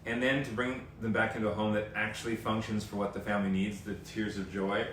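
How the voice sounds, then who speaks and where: A man's voice: on the low side, level tone, fairly quick, a bit bright, slight background noise. A man in his thirties hosting a casual live-stream chat at home, joking and breaking into sung bits. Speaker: TV host. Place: home, indoors. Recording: echoey room from a distance with faint ambience.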